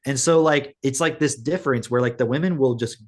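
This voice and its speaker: A man co-hosting a podcast, retelling a story in casual chat, rambling and filling every pause with "like". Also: mid-range voice. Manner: rambling storytelling, heavy use of "like". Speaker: podcast co-host.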